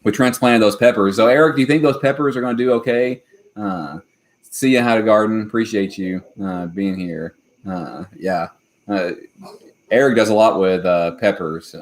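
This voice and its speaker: A man's voice: low voice, fairly even intonation, a little fast. A man hosting a homesteading live stream, chatting casually and rambling with lots of hesitant fillers. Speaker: homesteading channel host.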